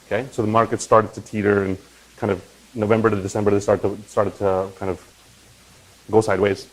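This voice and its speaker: A man hosting a crypto channel, talking in a casual, animated explainer style and often checking in with "right?" and "okay?". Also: lowish voice, brisk, rough recording. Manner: animated, swings into loud mock voices and profanity; conversational with frequent "right?" and "okay?".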